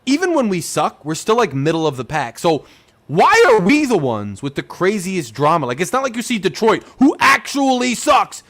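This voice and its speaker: A young man hosts a casual sports talk show, venting in a loose, excitable fan rant. His voice sits high and leaps all over the place. He fills his talk with "like" and asks one exasperated question after another. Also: moderate pace. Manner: animated, ranting, rhetorical questions, says "like" a lot. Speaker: podcast host.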